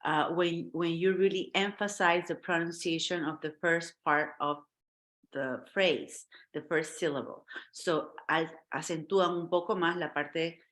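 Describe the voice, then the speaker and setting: A woman's voice: fairly low pitch, steady tone, measured pace, a bit bright. Encouraging woman teaching an English class. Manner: encouraging, repeats and checks in often. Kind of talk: online class instruction.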